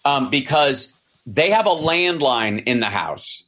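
A man's voice: mid-range voice, slow. Man retelling events in casual talk. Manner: animated retelling, acting out quoted dialogue; frequent restarts and fillers. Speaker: commentator. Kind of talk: casual discussion.

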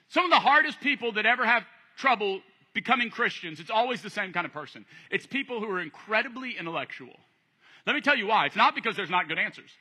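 A male pastor preaching a sermon, telling stories with animated acted-out voices. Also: high voice. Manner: animated storytelling, acting out voices. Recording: long hall reverb.

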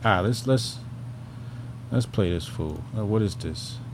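A man's voice: lowish voice, unhurried, noisy background. A man hosting a commentary show, talking in a loose, rambling way, swearing freely and trailing off into fillers. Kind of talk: casual profane commentary.

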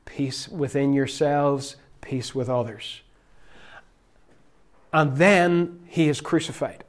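Dramatic male preacher, loud to whisper. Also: medium pitch, slow. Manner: sweeps from loud emphasis to near-whisper, lingers on single words. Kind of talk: sermon.

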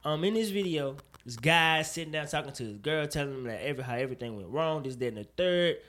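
A man co-hosting a loose talk show, his voice bright and set a little high. He argues in an animated, profane way, pushing harder as he makes his point. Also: fast. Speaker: podcast co-host. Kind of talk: casual opinion chat.

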